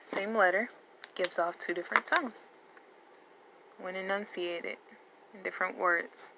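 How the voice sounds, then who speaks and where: A woman's voice: lowish voice, steady tone, unhurried, vocal fry, noisy background. A woman teaching a phonics lesson, patiently repeating letter sounds and words. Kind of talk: slow phonics lesson for learners.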